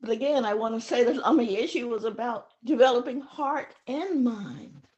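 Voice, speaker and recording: A woman in her seventies recounting memories of her teacher in an emotional, pausing storytelling manner. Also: fairly high pitch, darkish tone, highs cut off. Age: 70s. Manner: emotional, pausing, acts out voices in her stories. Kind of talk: reflective storytelling talk.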